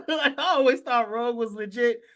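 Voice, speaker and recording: A man co-hosting a podcast, reacting to a show in animated casual chat, laughing often and addressing the group. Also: extremely high pitch, moderate pace. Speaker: podcast co-host.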